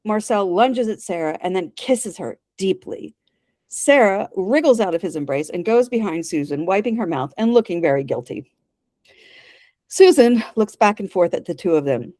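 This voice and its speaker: A woman's voice: mid-range voice, normal speed, no room sound. A woman co-hosting a casual podcast, retelling a drama scene by scene and voicing its lines. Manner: reads scenes aloud with lively voiced quotes and laughs. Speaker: podcast co-host retelling an episode. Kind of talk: casual chat, acting out dialogue.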